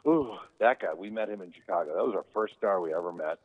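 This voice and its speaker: A man with a very deep voice tells stories in a relaxed, lively way, jumping up in pitch when he quotes people. His voice comes through a thin, phone-like line. It sounds like a chatty remote interview. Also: quick pace. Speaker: guest telling stories about his brother. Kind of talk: casual anecdotal storytelling.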